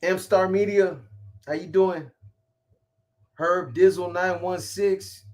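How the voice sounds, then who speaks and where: Slangy man shouting out live viewers. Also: high voice, steady tone, slow pace. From California. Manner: rambling, shouting out viewers by name; profane, street slang. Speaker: live stream host. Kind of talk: casual live-stream chat.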